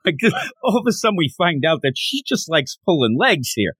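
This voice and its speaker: A man co-hosting a casual manga discussion podcast, retelling scenes in an animated way and acting out the characters' lines. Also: on the high side, moderate pace, breathy edge, no room sound. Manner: animated retelling with acted-out quotes. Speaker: podcast co-host.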